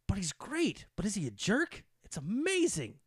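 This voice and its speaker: Animated, rambling man chatting. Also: sits high, moderate pace, breathy edge, no echo, clean studio sound. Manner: excitable, rambling, jokey asides. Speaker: podcast co-host. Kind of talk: casual wrestling chat.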